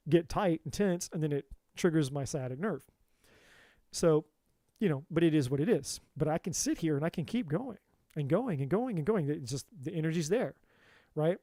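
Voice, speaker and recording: A man's voice: on the high side, warm tone, dry recording, studio quality. A man in a casual livestream monologue as a tarot reader and coach, candid and profane, repeating himself for emphasis into a phone.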